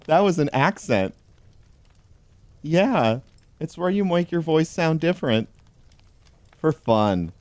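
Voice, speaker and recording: Slow deadpan man reading puns. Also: on the high side, no room sound. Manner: deadpan, dry pun delivery. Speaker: host. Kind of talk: comedic reading of a pun book.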